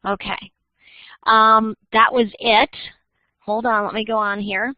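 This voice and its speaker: A woman's voice: on the high side, little pitch movement, slow pace, pauses often, dry recording. A woman teacher running an online algebra class, chatty and laughing, with many fillers. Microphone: computer mic in online class. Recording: dull dry lo-fi computer audio.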